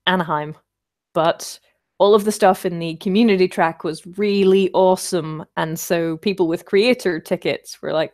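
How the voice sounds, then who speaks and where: A woman's voice: lowish voice, steady tone, moderate pace, darkish tone. A woman hosting a casual livestream, chatting and rambling as she answers viewer comments, with wry self-deprecating asides.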